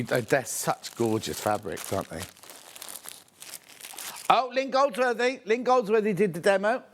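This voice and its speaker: A man's voice: on the high side, fairly bright tone. A man presenting products on a live shopping channel, chatty and gushing, thinking aloud as he unpacks things.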